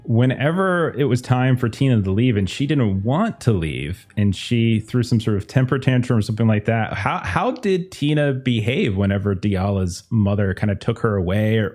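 A man's voice: mid-range voice, a little mellow. A man narrating a tabletop game as game master, describing scenes loosely with many fillers.

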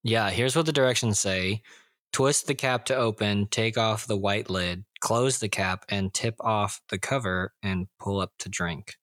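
A man's voice: on the low side, unhurried, a bit bright, no room sound, studio quality. A man co-hosting a casual podcast, wry and teasing, also reading out directions. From United States. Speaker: podcast co-host. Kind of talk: casual chat.

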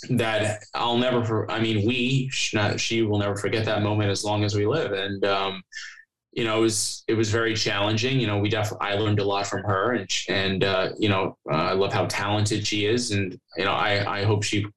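A man with a fairly low voice, sitting in as a podcast guest. He talks casually, drifting through long stories with plenty of fillers and reenacted back-and-forth. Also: flat delivery, normal speed, fairly bright tone, rough recording. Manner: rambling storyteller, many fillers and acted-out dialogue. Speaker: podcast guest, company co-founder. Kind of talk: casual chat.

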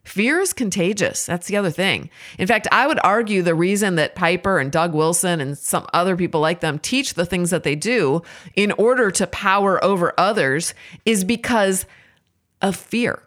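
A woman's voice: fairly low pitch, normal speed, fairly bright tone. A woman speaking in a candid, self-examining way, giving a reflective monologue on faith and parenting.

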